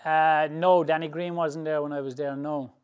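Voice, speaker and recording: Man from England, boxing trainer, chatty storyteller, slightly high voice, casual rambling phrasing. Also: moderate pace, smooth. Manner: animated storyteller, laughs through anecdotes; loose, colloquial, rambling phrasing. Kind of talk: storytelling interview answers.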